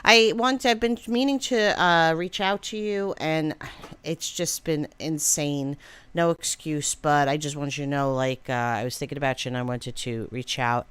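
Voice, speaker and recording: Rambling, chatty woman with a smooth voice. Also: sits low, fairly even intonation, normal speed, a bit bright. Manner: rambling and chatty, many fillers, greets viewers by name. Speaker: livestream co-host. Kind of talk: casual livestream chat.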